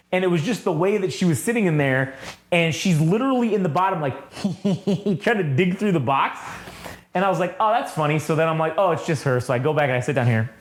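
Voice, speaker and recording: A man co-hosting a podcast, telling a casual story in an animated way, swearing often and saying "like" a lot. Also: on the high side. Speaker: podcast co-host. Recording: echoey room.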